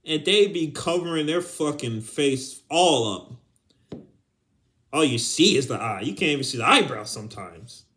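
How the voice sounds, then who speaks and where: A man's voice: fairly high pitch, animated, moderate pace, fairly bright tone. A young adult man hosting a podcast, ranting casually with heavy swearing and bursts of laughter. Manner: profane, heated, breaks into laughter. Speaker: podcast host.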